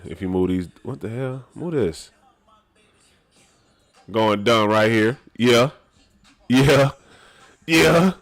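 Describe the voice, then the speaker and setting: A man who talks loudly and laughs often, chatting casually to his live-stream audience as a dancer. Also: on the low side. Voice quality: talks loud. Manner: animated and laughing, slangy.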